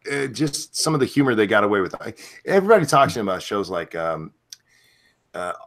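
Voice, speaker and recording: Male host, low register, irreverent banter with quick jokes. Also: big pitch swings, a bit bright. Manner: joking, irreverent, quick asides. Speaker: stream host. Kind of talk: casual chat on a live stream.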